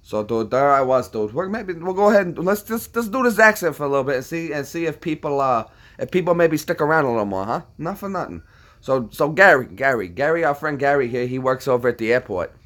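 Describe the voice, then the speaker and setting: A man's voice: fairly high pitch, animated, fairly quick, a bit bright, voice pushed up. A man putting on the voice of a brash, streetwise tough guy who swaggers and keeps repeating his slangy catchphrases. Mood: swaggering.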